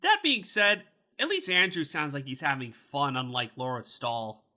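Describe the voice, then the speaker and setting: A man hosting a casual podcast chat, animated, incredulous and swearing freely. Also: fairly high pitch, normal speed. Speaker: podcast host.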